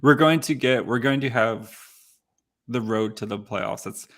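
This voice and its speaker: A man's voice: mid-range voice, unhurried, fairly bright tone. A man co-hosting a casual live podcast, recapping in a rambling way with lots of fillers. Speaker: podcast co-host.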